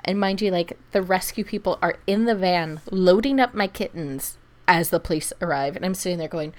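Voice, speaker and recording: Woman, casual storyteller, slightly low voice, animated, acts out quotes. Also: moderate pace. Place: lives in Germany.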